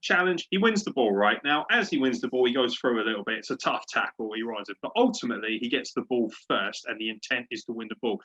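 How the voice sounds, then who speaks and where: Husky, profane sports podcast host. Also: male voice, mid-range voice, lively intonation, fast, hardly any pauses, pushed and bright, dull audio. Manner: profane, fired-up ranting. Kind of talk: casual sports podcast rant.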